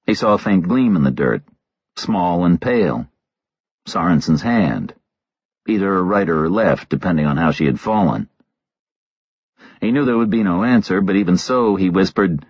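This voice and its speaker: A man narrating a thriller audiobook in a measured, terse delivery on a slightly dull recording. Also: sits low, animated, breathy edge, dry recording.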